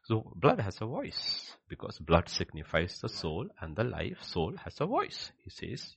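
A deep, gravelly male preacher delivering a sermon with a lively, rising-and-falling delivery. He drives his points home with rhetorical questions and swings between loud declarations and hushed asides, his voice husky and dry. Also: unhurried, few pauses, dry recording.

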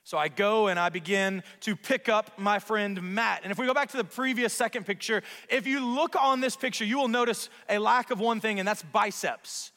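A man preaching a sermon as pastor, telling a story in an animated, self-mocking way in a church sanctuary. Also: high-pitched, normal speed, hardly any pauses. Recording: long reverb of a large hall.

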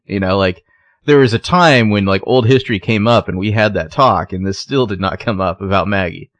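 A man co-hosting a casual podcast, retelling scenes in an animated way and acting out the characters' lines. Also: lowish voice, a little fast, dry recording. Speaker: podcast co-host recapping a TV episode. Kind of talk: casual chat.

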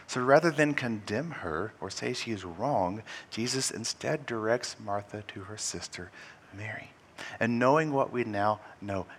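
A man preaching a sermon, swinging between forceful emphasis and hushed, near-whispered lines. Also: lowish voice. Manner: dramatic shifts between loud and hushed delivery.

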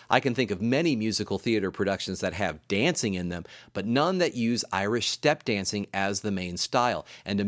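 A male composer giving a recorded spoken lecture on dance rhythms, measured and explanatory, counting beats aloud in a softer voice. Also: medium pitch, no echo, clean studio sound. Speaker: composer and music teacher. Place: room in campus music building.

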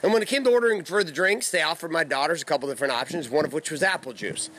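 A man's voice: a little high, rapid-fire, sharp tone. A man in his thirties talking blunt and profane in a casual monologue, recorded in his backyard. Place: backyard outdoors.

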